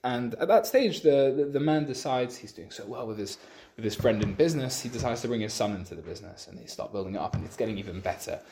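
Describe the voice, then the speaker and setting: A man teaching a Torah lesson with a story, halting often and restarting his sentences. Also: mid-range voice, lively intonation, vocal fry, dark tone, a little hiss or hum. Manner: halting, many restarts, acts out quotes. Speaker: religious teacher.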